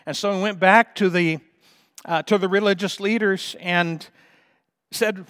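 A middle-aged man preaching a sermon, fervent and emphatic, slowing down to stretch key phrases and rising to loud peaks. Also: sits high, steady tone. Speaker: pastor.

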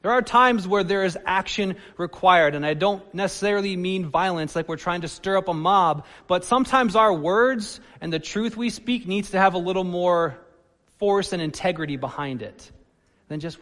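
A man preaching a sermon, animated, swinging between loud emphasis and soft asides. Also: sits high, moderate pace, in a large hall. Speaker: pastor.

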